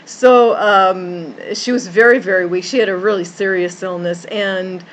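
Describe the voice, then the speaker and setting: A woman's voice: medium pitch, steady tone, unhurried, slight background noise, rough recording. A woman who works as a life coach, telling a personal story in an earnest way, with many restarts and repeated words. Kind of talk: personal story told to camera.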